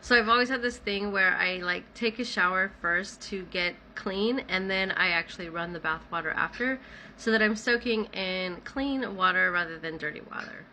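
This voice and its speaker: A woman with a bright, clear voice tells her own story in a loose, everyday way. She fills her sentences with "like" and "you know" as she goes. Her voice sits at an ordinary middle pitch. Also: moderate pace, slight background noise. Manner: conversational, many "like" fillers. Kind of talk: casual first-person storytelling.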